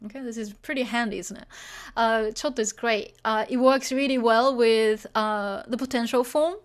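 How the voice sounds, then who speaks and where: A woman's voice: a little high, fairly even intonation, moderate pace, smooth. A woman teaching a beginner Japanese lesson, chatty and full of fillers, often checking that the learners follow.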